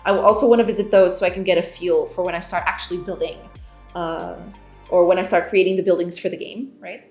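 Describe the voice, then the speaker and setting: A woman's voice: fairly low pitch, steady tone, fast talker, darkish tone. A woman, a game developer streamer, chatting casually with viewers, giggling often and reading chat aloud. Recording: roomy echo with faint background music.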